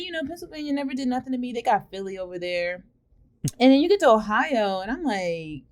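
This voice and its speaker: A woman's voice: on the high side, expressive, fairly quick. A young adult woman co-hosting a podcast, chatting casually with a blunt, sassy and playful manner. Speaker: podcast co-host. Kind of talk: casual chat.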